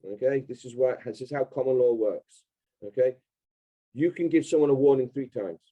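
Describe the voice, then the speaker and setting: Emphatic man with a warm, mellow voice. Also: medium pitch, normal speed, poor audio. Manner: emphatic, insistent, repeats key points. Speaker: podcast guest. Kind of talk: casual interview talk.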